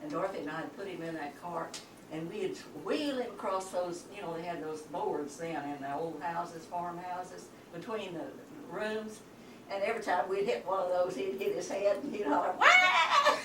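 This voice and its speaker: An older woman from rural Texas, telling family stories in an unhurried way with halting fillers. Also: on the low side. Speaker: family member reminiscing. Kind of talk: casual family reminiscence. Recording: roomy, distant home-video sound with hiss.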